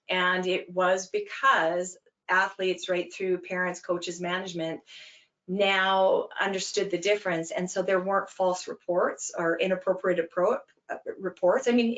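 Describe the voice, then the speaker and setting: A woman giving an earnest, emphatic webinar talk, explaining with quick examples over a video call. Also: on the low side. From Canada. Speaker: webinar speaker, anti-bullying program founder.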